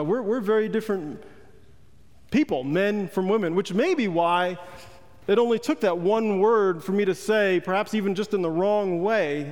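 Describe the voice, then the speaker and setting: Brief: male preacher with a high voice, chatty and playful, addressing a congregation in a church with a long reverb tail. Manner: conversational, joking, questions the congregation. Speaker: pastor. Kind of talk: sermon.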